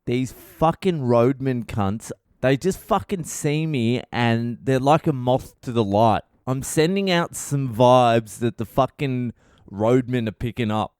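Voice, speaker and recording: A man hosting his own comedy podcast, telling a story in a blunt, animated monologue full of swearing. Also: medium pitch, takes it slowly, clear, resonant tone, no echo, studio quality.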